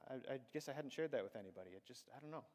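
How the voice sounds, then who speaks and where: A man's voice: mid-range voice, animated, rapid-fire, darkish tone, big-room sound. A man preaching a sermon in a conversational storytelling manner, acting out the voices of people in his stories. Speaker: pastor. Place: church sanctuary.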